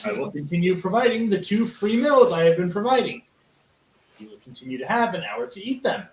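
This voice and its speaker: A man's voice: high voice, sing-song, fairly quick, reverberant, distant mic, lo-fi sound, slight background noise, pitched above the performer's own voice. A man doing an indignant, foul-mouthed goblin captain. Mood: stern. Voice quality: curt, profane and indignant.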